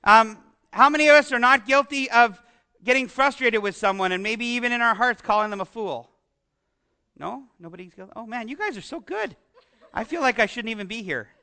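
High, bright-voiced Canadian pastor. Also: male voice, a little fast, smooth. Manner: chatty, joking with the congregation, many restarts and asides. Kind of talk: conversational sermon.

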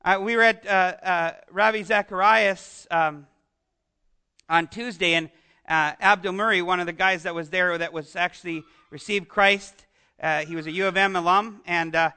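A man's voice: high-pitched, steady tone, normal speed, sharp tone, clear, resonant tone. A man with a Canadian accent preaching a conversational sermon, chatty and joking with his congregation, trailing into asides and restarts. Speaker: pastor.

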